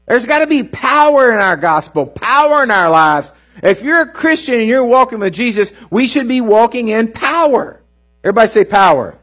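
High husky-voiced preaching man. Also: very animated, normal speed, fairly bright tone. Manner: call-and-response preaching with "hello?" asides; earnest, repeats words for emphasis. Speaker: pastor. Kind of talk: sermon. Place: church service.

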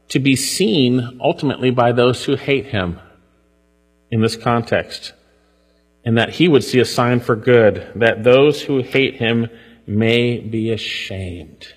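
A man preaching through a psalm in a church sanctuary. His voice is slightly husky, and a long reverb trails each phrase. He reads the verses aloud, then presses their meaning home with climbing emphasis. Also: mid-range voice. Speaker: pastor. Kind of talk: expository sermon on a psalm.

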